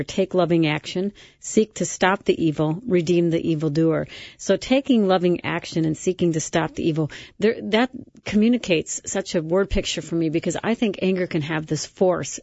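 A woman hosting an interview, asking gentle, questioning follow-ups. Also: lowish voice, no echo. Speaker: interview host. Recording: dry, dull lo-fi audio.

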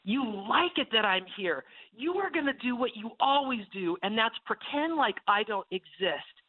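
A woman voicing a menacing spirit of sin that speaks through a mountain lion. She uses a low, taunting hiss in whispered role-play over a tinny phone line. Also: expressive, normal speed, husky.

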